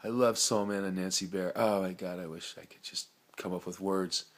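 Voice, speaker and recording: A middle-aged man with a brain tumor rambles through a free-associating personal monologue packed with laid-back slang. His voice sits low with a steady tone and moderate pace, swinging between loud and soft.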